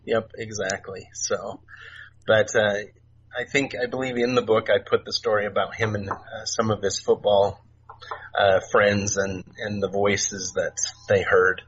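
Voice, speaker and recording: A middle-aged man telling stories as a podcast guest, soft-spoken and halting, with many fillers and restarts. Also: on the low side, level tone. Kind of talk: casual storytelling interview. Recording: dull lo-fi remote audio, faint noise.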